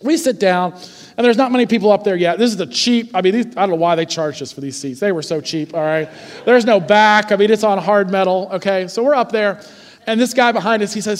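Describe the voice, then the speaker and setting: A man in his forties preaching a sermon, telling stories in a lively, conversational way and often checking in with the congregation. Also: sits high, fast talker, in a large hall. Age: 40s. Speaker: pastor. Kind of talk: sermon with storytelling.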